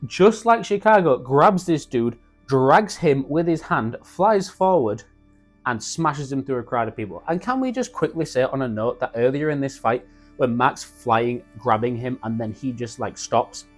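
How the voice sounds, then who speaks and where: A young man excitedly recapping a show in casual slang, acting out the characters' lines as he goes. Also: on the high side. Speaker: YouTube reviewer.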